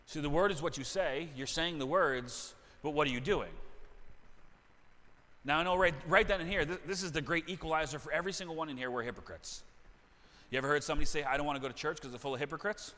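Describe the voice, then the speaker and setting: A man's voice: medium pitch, a little fast, fairly bright tone, big-room sound. A middle-aged man preaching a sermon as pastor, talking in a conversational way that repeats and restarts phrases. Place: church sanctuary.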